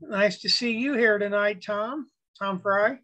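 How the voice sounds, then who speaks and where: A man's voice: high-pitched, a little slow, sharp tone, rough recording. A middle-aged man chatting casually on a video call before he presents to his club. He tells stories in a rambling way, with many restarts.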